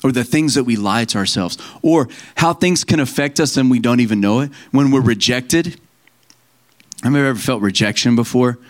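A man's voice: mid-range voice, normal speed. A man preaching a sermon in a conversational, storytelling way, quoting scripture and family members and laughing at himself now and then.

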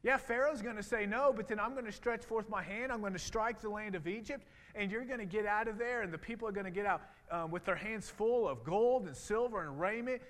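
God delivering an emphatic, reassuring pep talk, as a preacher acts him out. The voice sits fairly high and carries a long reverb, as in a large hall. Each promise comes out firm and commanding. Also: male voice, brisk, few pauses, fairly bright tone. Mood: encouraging. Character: God, encouraging and commanding divine voice.

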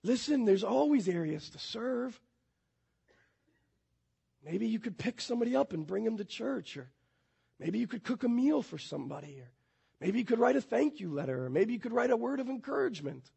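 A man delivers a sermon in a high, gravelly voice that is heavily raspy. He preaches emphatically, building at times to near shouts. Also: big pitch swings, normal speed. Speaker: pastor.

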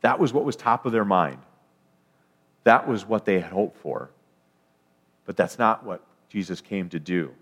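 Man preaching an emphatic sermon, low voice. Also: a little slow, long pauses, fairly bright tone. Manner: emphatic, with restarts and rising declarations.

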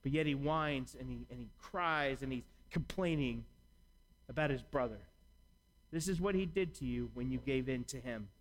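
A man's voice: mid-range voice, moderate pace, slight background noise, rough recording. A man preaching a sermon in a conversational way, acting out imagined dialogue as he talks. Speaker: pastor.

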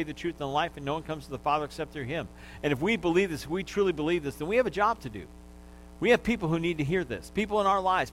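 A man's voice: on the high side, slight background noise, low-quality recording. A male pastor preaching a sermon, teaching in an easy manner, getting listeners to repeat words after him and joking along the way.

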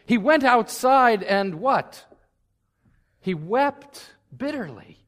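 A male pastor delivers a sermon to his congregation, earnest and at times fervent. His voice sits high for a man. The church hall around him rings with a long reverb. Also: lively intonation, slow pace, fairly bright tone. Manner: earnest, rising to fervent emphasis. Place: church sanctuary.

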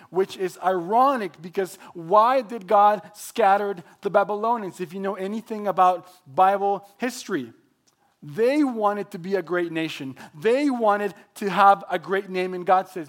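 A man with a notably high voice for his sex preaches a sermon, pressing each point hard and repeating key phrases for weight. He speaks as a pastor to his church. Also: unhurried. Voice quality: emphatic, builds points through repetition.

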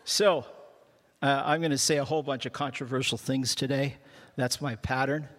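An older man from Canada preaches to a church congregation with an easygoing, self-mocking humor. His voice sits at a middle pitch and trips over quick restarts. The sound carries a long reverb from the large hall. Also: fairly even intonation, fairly bright tone. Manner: self-deprecating, joking, with frequent restarts. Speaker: guest pastor. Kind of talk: humorous sermon.

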